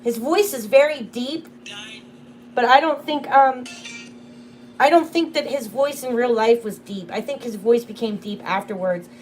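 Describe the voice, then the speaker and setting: A young woman with a fairly high voice chats casually on a home livestream. She tells stories loosely, with plenty of fillers. A faint hum of room noise sits under her voice. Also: a little slow. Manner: chatty storytelling, full of "like". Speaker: livestream host.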